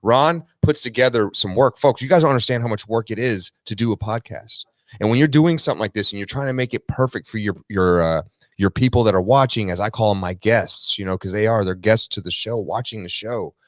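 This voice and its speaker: A man guesting on a podcast, talking in an energetic, motivational way. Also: fairly low pitch, fairly quick, no room sound. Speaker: podcast guest, car dealership worker. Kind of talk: casual interview chat.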